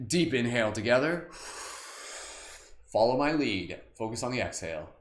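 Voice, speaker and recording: A man's voice: mid-range voice, sing-song, normal speed, a little hiss or hum. A man hosts a live guided group meditation, casual and upbeat, with many fillers and frequent laughs. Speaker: meditation host. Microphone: livestream camera mic. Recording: echoey room.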